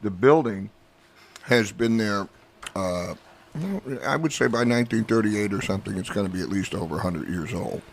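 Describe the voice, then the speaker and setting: A man, a podcast guest, in casual chat, telling stories slowly with dry wisecracks. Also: lowish voice, gravelly, a little hiss or hum. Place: comedy club room.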